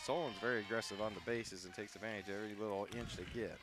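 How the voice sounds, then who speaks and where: A man calling softball play-by-play from a press box, giving brisk, factual calls of each play. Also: on the low side, fairly even intonation. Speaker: play-by-play announcer. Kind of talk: play-by-play sports commentary.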